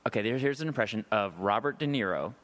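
A young man riffing as a guest on a comedy podcast. His pitch jumps about animatedly as he talks, loose and chatty. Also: lively intonation, fast talker, a bit bright. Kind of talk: casual comedy chat.

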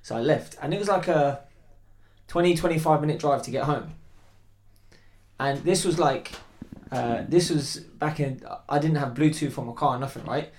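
A man, a podcast guest telling a dating story in casual chat, animated and laughing as he talks. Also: a little high.

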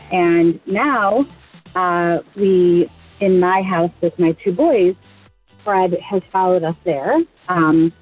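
A woman's voice: on the low side, dry recording, phone-quality sound. A woman from Michigan leaving a chatty voicemail message for a show, telling a family story. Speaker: caller.

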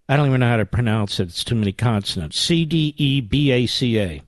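A man's voice: mid-range voice, lively intonation, brisk, few pauses, no echo. A man hosting a political talk radio show, combative and sarcastic.

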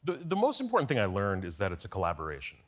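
A man guesting on a talk show, telling lively stories in quick bursts. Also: on the low side. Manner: lively storyteller, quick asides. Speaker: guest, former speechwriter.

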